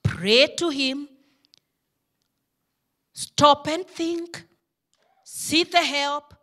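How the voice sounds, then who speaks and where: A woman pastor delivers a sermon with fervour, her voice very high and bright. She speaks at an unhurried, deliberate pace, pressing each phrase home and rising into impassioned pleas. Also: fairly even intonation.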